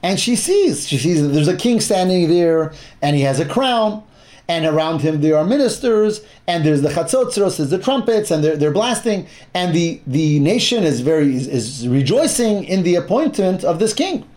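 A man's voice: on the high side, big pitch swings, moderate pace, a little mellow. A man teaching a Bible class, explaining verses step by step, often restarting his phrases and mixing in Hebrew terms.

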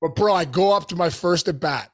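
A man hosting a podcast, telling a story casually in animated bursts, full of restarts and "bro" and "dude". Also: high-pitched, a little fast.

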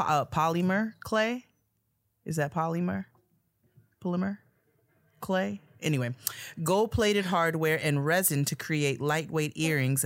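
A woman's voice: low voice, dry recording, clean studio sound. A woman co-hosting a podcast, chatting casually with a laugh, swearing freely and reading a listener's letter aloud. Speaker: podcast co-host.

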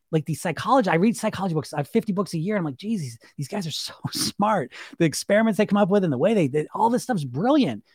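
A man's voice: a little high, a little mellow, dry recording, studio quality. A middle-aged man coaching on weight loss in a casual, emphatic monologue, full of fillers, casual swearing and questions to the listener. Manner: chatty, emphatic, repeats fillers, swears casually, laughs often.

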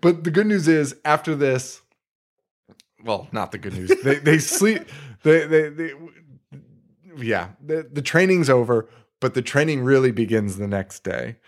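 Male podcast co-host, casual film-review chat, animated retelling, mid-pitched. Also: measured pace. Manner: excitable retelling, swearing, putting on silly voices.

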